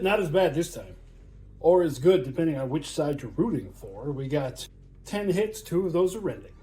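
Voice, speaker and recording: A man with a fairly high, darkish-toned voice hosts a tabletop wargame battle report. He chats casually, counts dice out loud, and laughs a lot, as a wargame player who runs his own channel.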